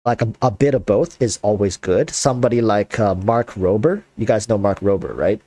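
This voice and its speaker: A man hosting a casual chat, talking in an animated, rambling way with lots of fillers. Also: on the low side, normal speed, no room sound. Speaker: content creator and host.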